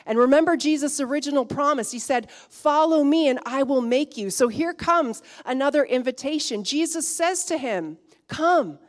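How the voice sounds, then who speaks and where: A woman preaching a sermon in an earnest way, rising to emphatic peaks and then dropping soft. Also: sits high, normal speed, hardly any pauses.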